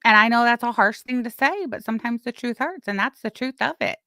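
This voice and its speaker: A woman hosting a live stream, giving casual gossip commentary in a blunt, crude way with sudden loud, excited bursts. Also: fairly high pitch, a little fast, no echo, clean studio sound. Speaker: livestream host.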